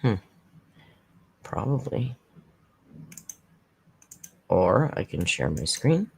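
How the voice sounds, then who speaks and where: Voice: medium pitch, very animated, very slow, creaky, slightly rough. A commentary channel host recapping a livestream in a chatty, sarcastic tone, with mocking asides.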